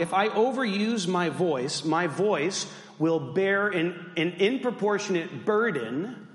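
A man's voice: high-pitched, fairly bright tone. A man in his thirties preaching a sermon as pastor, with humorous self-deprecating asides, his voice still a little weak. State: voice still weak after losing it. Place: church sanctuary. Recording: echoey church hall.

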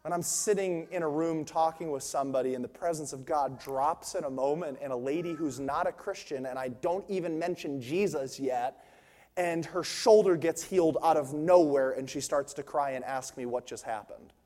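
On stage in a big church hall with long reverb, a young man delivers a sermon at a moderate pace in a dark-toned voice that's on the high side. Personal anecdotes give way to fervent, emphatic preaching.

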